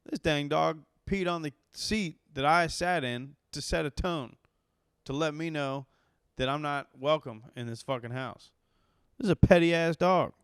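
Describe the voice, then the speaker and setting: A man's voice: mid-range voice, clean tone, no room sound, clean studio sound. A man, a comedian hosting his own podcast, telling a rambling, profane story and getting worked up as he goes. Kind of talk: casual storytelling monologue.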